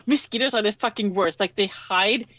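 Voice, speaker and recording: A woman's voice: mid-range voice, moderate pace, fairly bright tone, dry recording, lo-fi sound. A woman playing a tabletop game, earnest and enthusiastic in casual chat. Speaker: player. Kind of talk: tabletop role-play chat.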